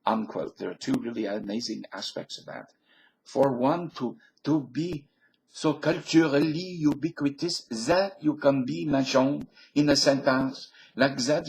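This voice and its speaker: A man's voice: mid-range voice, vocal fry, husky, poor audio. A man reading an article aloud on his channel, casual and jokey, wandering off into digressions and fussing over pronunciations.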